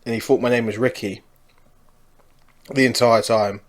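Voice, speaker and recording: A man with an ordinary mid-range voice chatting easily on a podcast. He rambles through stories in a relaxed, friendly way and often laughs along. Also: mid-range voice, moderate pace. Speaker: podcast co-host. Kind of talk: casual podcast chat.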